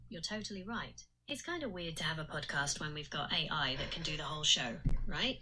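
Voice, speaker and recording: A computer-generated woman's voice of an AI assistant, answering in an even, polite, agreeable manner. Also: low voice, a little fast, background noise. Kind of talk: chatbot conversation.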